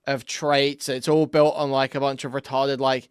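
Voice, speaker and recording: A young male streamer rants over a debate in a crude, rambling way, swearing as he goes. His mid-pitched voice is smooth and resonant, recorded dry and close. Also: level tone, moderate pace, no room sound. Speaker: streamer commentator. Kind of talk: profane ranting commentary.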